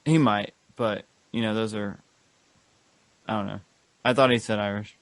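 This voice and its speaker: A man's voice: fairly low pitch, fairly even intonation, moderate pace, long pauses, no echo. Dry-sounding man in eager podcast chat. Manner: enthusiastic, rambling, many fillers. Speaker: podcast co-host. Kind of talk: casual chat.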